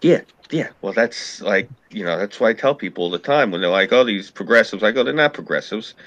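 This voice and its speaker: A man's voice: lowish voice, lively intonation, a little fast, a bit bright, no room sound, highs cut off. A man with a New York accent in a casual political chat, talking bluntly and with plenty of profanity.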